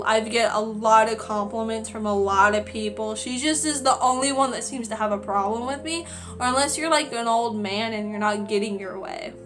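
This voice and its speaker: A woman in her twenties, a retail worker, telling a storytime vlog in a chatty, exasperated way with lots of "like.". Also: on the high side. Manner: chatty, exasperated, many "like" fillers.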